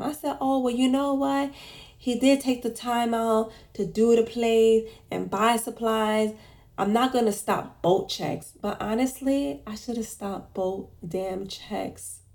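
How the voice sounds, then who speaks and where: A young adult woman casually telling a story and venting, often quoting people in a raised, animated voice. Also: mid-range voice, creaky. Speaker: podcast host and business owner.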